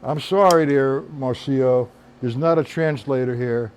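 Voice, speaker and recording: A man's voice: mid-range voice, measured pace, a little hiss or hum. A man teaching a drum lesson on a live stream, explaining accents and counting the beats aloud. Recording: loud drums behind the voice. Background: drum kit playing.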